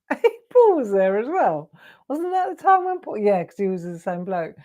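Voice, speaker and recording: A woman's voice: medium pitch, big pitch swings, measured pace, mellow. An English woman hosting a live crafting show, telling rambling anecdotes and laughing often. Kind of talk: chatty storytelling while crafting.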